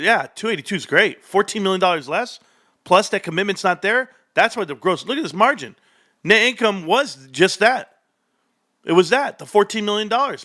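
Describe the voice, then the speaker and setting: Male livestream host, fairly high-pitched, exclamatory and excitable, talks straight to viewers. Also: fairly quick. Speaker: stock streamer.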